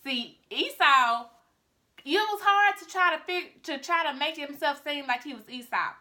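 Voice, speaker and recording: A woman's voice: high voice, animated, measured pace, pushed and bright. A woman vlogger retelling a Bible story in a chatty, casual way, talking straight to her viewers.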